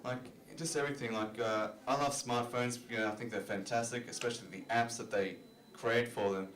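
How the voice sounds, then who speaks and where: Here the comedian's medium-pitched voice stays steady and fairly bright, moving a bit fast as he works the club stage. He jokes at his own expense in a loose style thick with "you know" fillers, recorded with plenty of club room sound.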